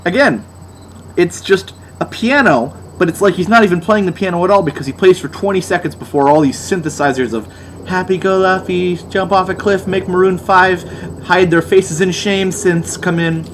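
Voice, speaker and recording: Young male reviewer, sarcastic and exasperated, slightly high voice, faint background hiss. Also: normal speed. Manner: mocking, exasperated, theatrical. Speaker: album reviewer. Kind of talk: sarcastic album review monologue.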